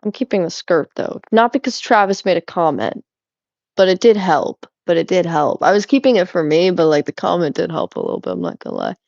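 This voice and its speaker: A woman's voice: on the low side, big pitch swings, fairly quick, vocal fry, a little mellow, dry recording, dull audio. A young woman streaming as she cleans at home, chatting playfully and teasing her viewers in a rambling way. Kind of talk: casual chat while cleaning. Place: indoors at home.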